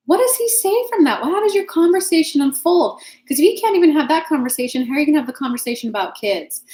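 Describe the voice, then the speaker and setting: A woman's voice: high voice, animated, fast talker, hardly any pauses, warm tone, reverberant, rough recording. A woman hosting a live stream as an intuitive reader, giving frank, casual advice and answering viewers' questions by name, swearing now and then.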